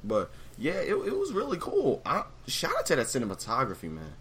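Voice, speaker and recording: A man's voice: mid-range voice, wildly swooping pitch, a little fast, a bit bright, a little hiss or hum. A man hosting a casual online stream, rambling and swearing as he chats. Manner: rambling, laughs often, swears. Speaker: host.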